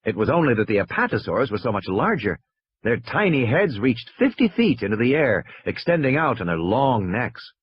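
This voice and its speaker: This audiobook narration comes from a man whose slightly husky voice moves with animated pitch at a steady, normal storytelling speed. The sound is dry, a bit muffled, and free of room sound.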